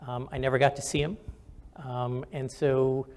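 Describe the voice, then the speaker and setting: A man's voice: mid-range voice, little pitch movement, normal speed, darkish tone. An older man, a retired general and physician, answering audience questions with candid stories and frequent fillers.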